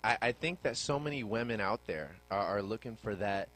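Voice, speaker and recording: A man hosting a talk radio show, teasing his guest in a relaxed way with lots of fillers. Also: fairly low pitch, moderate pace. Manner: playful teasing, laid-back with many fillers.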